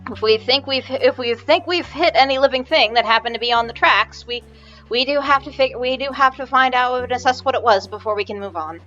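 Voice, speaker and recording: Woman playing a calm procedural official. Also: high-pitched, muffled recording, soft background music. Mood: measured. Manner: measured, explanatory.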